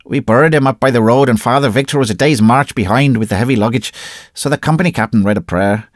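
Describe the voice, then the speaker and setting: A man's voice: mid-range voice, fast talker, no room sound, clean studio sound, natural voice. A man voicing a burly, grieving Irish army private telling his sorrows with an Irish accent. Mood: mournful. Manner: earnest, mournful storytelling.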